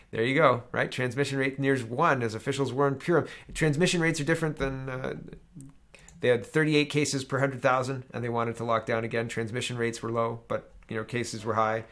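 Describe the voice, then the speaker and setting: Gravelly sarcastic man hosting political commentary. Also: mid-range voice, a bit bright. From Canada. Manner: sarcastic, rambling, reads headlines aloud. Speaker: political commentary show host.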